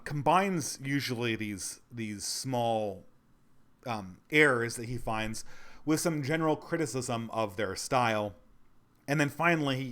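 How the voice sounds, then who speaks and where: A man's voice: mid-range voice, fairly bright tone. A man in his thirties giving a critical commentary monologue, talking conversationally, restarting and repeating phrases, sounding irritated. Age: 30s. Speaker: channel host.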